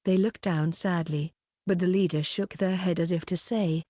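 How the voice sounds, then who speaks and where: A woman reading a web novel aloud as an audiobook narrator, keeping one even voice throughout. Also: fairly low pitch, normal speed, no echo, clean studio sound.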